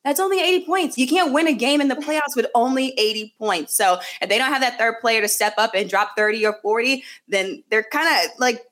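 A woman's voice: a little high, fairly quick, hardly any pauses, fairly bright tone. Emphatic woman sports reporter. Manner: fluent and emphatic, with repeated fillers. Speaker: sports reporter covering a basketball team. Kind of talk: casual sports analysis.

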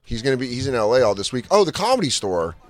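A man's voice: medium pitch, big pitch swings. A man hosting a podcast, bantering casually with profanity and jokes. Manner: joking, profane, quick banter. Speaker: podcast host. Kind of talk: casual chat.

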